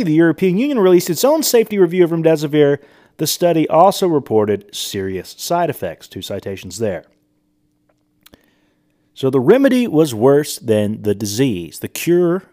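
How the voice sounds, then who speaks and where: A man's voice: a little high, darkish tone. A man hosting a podcast, reading quotes aloud and commenting on them in an emphatic, incredulous way. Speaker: podcast host. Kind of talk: monologue reading and commenting on sources.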